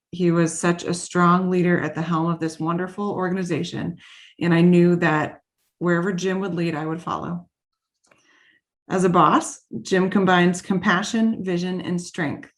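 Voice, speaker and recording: A woman, the head of a garden, giving a heartfelt tribute at an annual meeting, with small restarts. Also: fairly low pitch. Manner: warm, heartfelt, slightly halting with restarts. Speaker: CEO of a garden. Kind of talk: formal meeting tribute speech.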